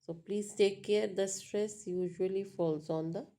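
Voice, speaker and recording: Slow, gravelly-voiced woman teacher. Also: medium pitch, steady tone, dark tone. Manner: patient, repeats points with frequent "right?" and "uh". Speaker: English teacher. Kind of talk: slow classroom-style explanation.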